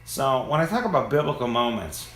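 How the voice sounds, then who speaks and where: A man's voice: medium pitch, sing-song, fairly quick, a bit bright, reverberant. A man delivering an angry, profane, preachy monologue, recorded on a phone among parked cars. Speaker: vlogger. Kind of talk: ranting monologue.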